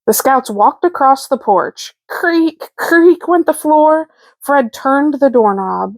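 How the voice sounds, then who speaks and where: Brief: woman reading a picture book aloud, unhurried, bright higher voice, dry close mic. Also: no echo. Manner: slow, clear, expressive. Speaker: children's book reader. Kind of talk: storybook read-aloud.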